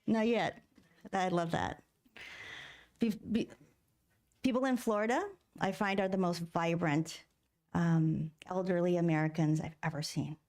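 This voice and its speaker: A woman's voice: on the low side, steady tone, unhurried, pauses often, darkish tone. A middle-aged woman minister giving a sermon in a church, talking conversationally, asking the congregation questions and acting out inner voices. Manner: acts out inner voices in quotes. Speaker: guest minister. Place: church sanctuary.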